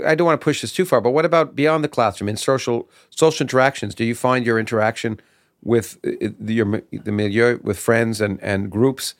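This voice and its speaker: Male podcast host, mid-range voice, halting and thoughtful in an office interview. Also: medium pitch, no echo, clean studio sound. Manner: searching for words, halting questions. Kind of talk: casual interview conversation.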